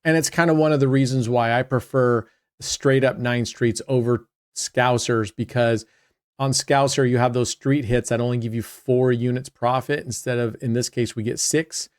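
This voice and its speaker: A man hosting his own channel chats casually with viewers while playing roulette, often trailing off mid-sentence. His voice is medium-pitched, smooth and fairly even at normal speed, in clean studio sound with no room echo.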